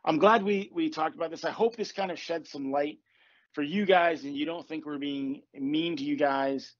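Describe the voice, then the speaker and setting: On his casual podcast, a manifestation coach dishes out blunt tough love, swearing as he goes. He speaks at a normal speed in a voice on the high side, recorded dry and dull with a lo-fi quality.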